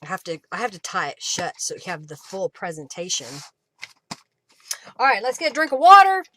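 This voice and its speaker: A woman's voice: medium pitch, sing-song, fairly quick, sharp tone, a little hiss or hum. A woman with an Oklahoma accent hosting a live crafting stream, chatting with viewers and thanking them by name. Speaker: craft livestream host. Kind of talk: casual live-stream chat.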